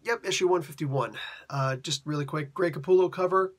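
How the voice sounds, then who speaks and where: Husky man retelling a comic. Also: on the high side, normal speed. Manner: chatty, slangy, laughs often. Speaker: comic book reviewer. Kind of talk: casual retelling of a comic story.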